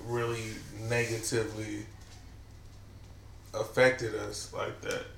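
A man's voice: fairly low pitch, little pitch movement, slow, creaky, a bit bright. A young man co-hosting a casual podcast chat, rambling with lots of fillers and joking around. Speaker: podcast co-host. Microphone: studio mic at a table. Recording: roomy echo with faint room noise.

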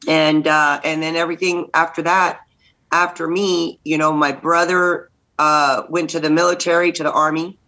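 Bright-voiced woman from Texas. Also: low voice, normal speed, poor audio. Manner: lively, acts out voices in anecdotes. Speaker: guest, state senate candidate. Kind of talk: animated storytelling in a podcast interview.

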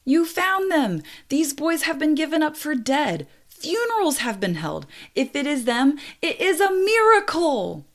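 A woman voicing a tearful radio operator who cries out in high, breathless exclamations. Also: very animated, a little slow, hardly any pauses, exaggerated voice. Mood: tearful joy.

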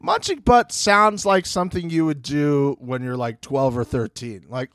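A man's voice: a little high, animated, normal speed, hardly any pauses, fairly bright tone, no echo, studio quality. A man co-hosting a podcast, recapping reality TV in casual chat and mimicking people in playful voices. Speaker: podcast co-host.

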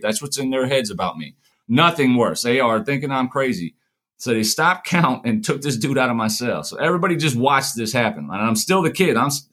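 Fast-talking man telling prison stories. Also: medium pitch. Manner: animated, acts out dialogue, swears freely. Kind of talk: casual storytelling.

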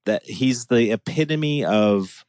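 A man's voice: mid-range voice, expressive, takes it slowly, darkish tone, no echo. A man talking in a casual podcast chat, enthusiastic and rambling, with restarts and laughs.

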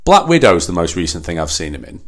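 Male co-host, low register, animated delivery, casual film talk with frequent restarts. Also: fast. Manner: animated, laughs often, stammering restarts. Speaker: podcast co-host.

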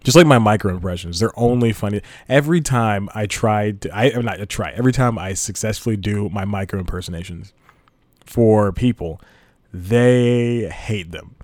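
A man's voice: lowish voice, moderate pace, a little mellow, no echo. A man hosting a casual solo podcast, rambling and laughing at his own jokes. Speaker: podcast host.

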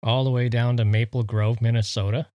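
A man's voice: mid-range voice, steady tone, fairly quick, no echo, highs cut off. A man co-hosting a casual chat show, easygoing and offering facts with many fillers. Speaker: podcast co-host.

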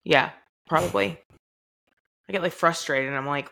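Bright-voiced young woman telling a story. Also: sits low, moderate pace, gravelly. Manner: animated storytelling, acts out quoted dialogue. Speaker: podcast co-host. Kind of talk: casual chat.

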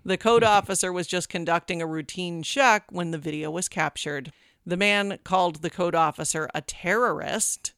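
A host with a bright, crisp voice walks through news stories in a relaxed chat. Dry asides break up the reading. The sound is close and dry. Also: medium pitch, moderate pace, no echo. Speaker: podcast host.

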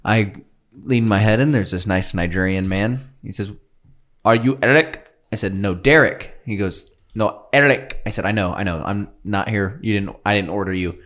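A man's voice: lowish voice, moderate pace, a bit bright. A man co-hosting a casual podcast, telling a story in a rambling, laid-back way. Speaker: podcast co-host.

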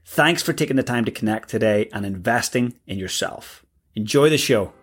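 A man hosting a podcast, reading his show intro and a guest introduction in an upbeat, energetic way, then greeting his guest. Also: mid-range voice, normal speed, slightly rough. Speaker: podcast host and success coach.

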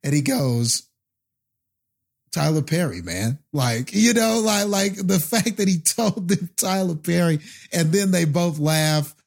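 Podcast co-host, man, excited, filler-heavy film chat. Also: high-pitched, unhurried, creaky, hardly any pauses. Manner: enthusiastic, filler-heavy, chuckling. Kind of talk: casual movie review chat.

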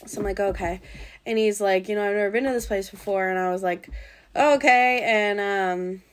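A woman's voice: mid-range voice, normal speed, clear, resonant tone. Young woman rambling thru a date story on a podcast, lots of "like", swears, laughs at herself. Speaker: podcast guest. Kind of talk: casual storytelling chat.

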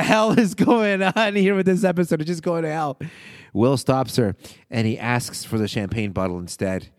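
A man casually recapping a sitcom episode, animated and profane, often laughing and acting out quotes. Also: medium pitch, no room sound, clean studio sound. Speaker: podcast host recapping a sitcom.

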